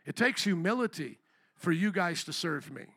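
High bright-voiced male pastor preaching. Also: normal speed, breathy edge. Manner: animated, acts out quotes, calls to the congregation. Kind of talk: sermon.

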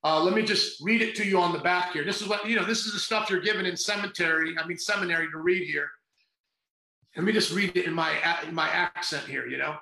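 A man's voice: sits high, fast talker, creaky, bright, forceful tone, roomy sound, poor audio. A middle-aged man, a pastor hosting a podcast, talks in a fervent, sarcastic, rambling way. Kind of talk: casual preaching podcast.

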